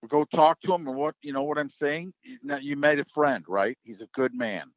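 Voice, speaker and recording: A man's voice: fairly high pitch, normal speed, no room sound, muffled recording. A man who works as a drag racing track announcer, telling stories in a casual podcast chat and acting out the voices of the people he quotes.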